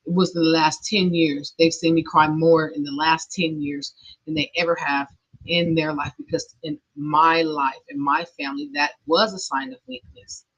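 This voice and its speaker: On a dull, lo-fi recording, a podcast host speaks in a low, husky, fairly bright voice at a moderate pace with fairly even intonation. The middle-aged woman shares a personal story earnestly and emotionally, with nervous laughter.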